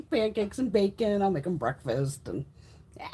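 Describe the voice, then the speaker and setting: With a mid-range, dark voice and a breathy edge, a middle-aged beauty livestreamer spins casual stories. She's blunt and profane, peppering her talk with curses and laughter.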